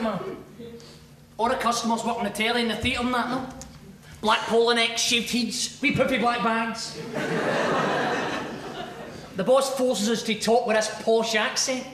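A young Scottish man in a comedy sketch, telling a sweary, animated story. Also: extremely high pitch, a little slow, pauses often. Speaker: sacked hairdresser. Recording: roomy, distant, loud noise.

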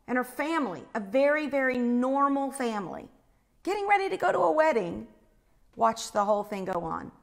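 Animated woman telling a faith story. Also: a little high. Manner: animated, acts out the screams she describes. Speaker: speaker telling a personal story.

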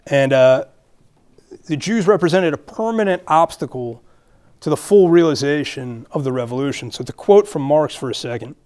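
A man with a Brooklyn accent and a slightly high, somewhat mellow voice gives a public lecture as a guest speaker at a moderate pace. He is earnest and thinks aloud, using fillers and restarts.

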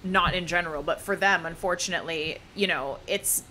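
A woman's voice: fairly low pitch, a little fast, bright, forceful tone, a little hiss or hum. A woman co-hosting a casual podcast discussion, talking emphatically and often saying "like" and "you know.". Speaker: podcast co-host.

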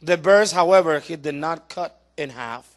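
A man preaching a sermon as pastor, urging his congregation to pay attention and rising to loud emphasis. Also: on the high side, normal speed.

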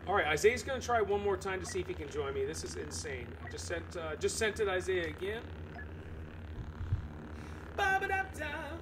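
A man streaming live, chatting with his viewers in an animated, exclaiming ranting manner. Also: sits high, fast, few pauses, noisy background. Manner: animated, exclaiming rant to chat. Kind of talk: casual live-stream chat.

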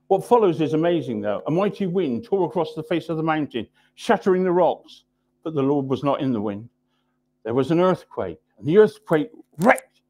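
A man preaching a sermon in a church, driving points home through repetition and often dropping his voice low and quiet for emphasis. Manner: emphatic repetition, drops low and soft for weight.

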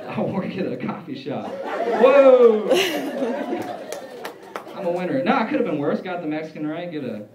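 A young male comic doing stand-up, rambling and self-mocking with a high, lively voice. He is heard from far off in an echoey club, with a crowd roaring with laughter. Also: normal speed, background noise. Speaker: stand-up comedian. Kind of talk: stand-up routine. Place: comedy club stage.

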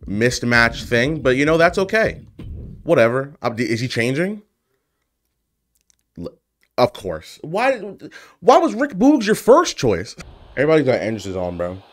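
Lively man trash-talking over gameplay. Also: mid-range voice. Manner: playful trash talk, hyped shouting at the game. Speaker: gaming YouTuber. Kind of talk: casual gameplay commentary.

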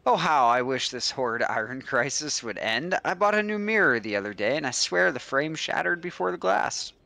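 A man voicing a fussy male noble who complains quickly about his troubles. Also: fairly high pitch, very animated, vocal fry, sharp tone, no echo, exaggerated voice. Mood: complaining.

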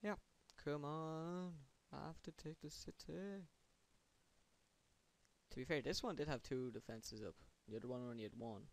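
A man's voice: fairly high pitch, moderate pace, gravelly. A man giving casual, rambling gameplay commentary, sarcastic and chanting words under his breath. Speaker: gamer.

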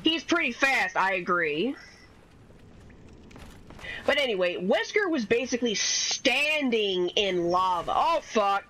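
A young woman talks over her gameplay in a loose, rambling way and swears freely. Her voice sits at an ordinary pitch but sounds bright and sharp. A faint hiss of background noise sits under the recording. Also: very animated, slow pace, pauses often, poor audio. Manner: rambling, swears often, swings from chatty to exasperated outbursts. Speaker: gaming streamer. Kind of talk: casual gameplay commentary.

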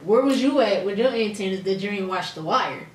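Woman, Philadelphia accent, young adult, animated slangy storytelling, echoey room, noisy. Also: medium pitch, a little fast, distant mic. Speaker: guest. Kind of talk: casual chat over a meal.

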